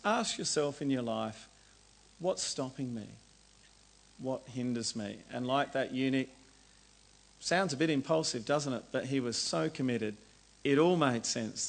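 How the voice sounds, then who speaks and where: A man's voice: medium pitch, creaky. A man preaching a sermon in an earnest way, lifting his voice for the words he quotes. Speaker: lay preacher.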